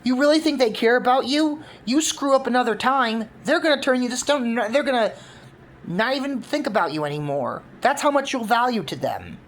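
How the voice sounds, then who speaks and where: A woman's voice: a little high, big pitch swings, a little slow. A woman voicing an angry, tearful female spirit of malice who pleads and accuses. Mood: angry pleading.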